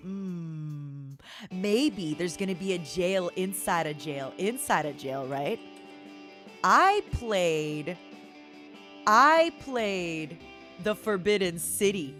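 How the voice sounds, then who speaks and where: A woman streamer chatting playfully, teasing her viewers as honey and swinging between loud mock-dramatic outbursts and soft murmurs. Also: fairly low pitch, expressive, slow pace, faint music behind. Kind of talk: playful solo stream chat.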